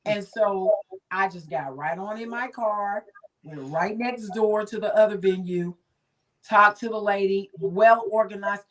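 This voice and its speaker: A woman's voice: mid-range voice, measured pace, fairly bright tone, distant mic, rough recording. A woman hosting a casual chat, affirming her guest and telling her own story with frequent laughs. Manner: chatty, affirming, laughs often. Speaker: host.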